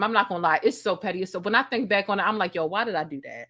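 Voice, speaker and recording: A woman's voice: mid-range voice, racing, hardly any pauses, sharp tone. A woman in her thirties telling a story in a casual, sassy and profane way, acting out the dialogue. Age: 30s. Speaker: host.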